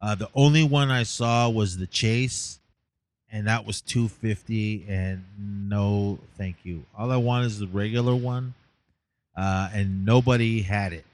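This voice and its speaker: A man's voice: lowish voice, unhurried. A tired man casually recapping his day as a podcast host, rambling with many fillers. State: tired, yawning.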